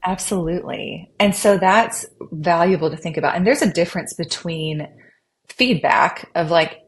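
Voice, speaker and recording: A woman's voice: fairly low pitch, moderate pace. A woman speaking as a podcast guest in a reflective conversation, earnest and often acting out an inner dialogue. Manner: warm, earnest, acts out inner dialogue in quotes.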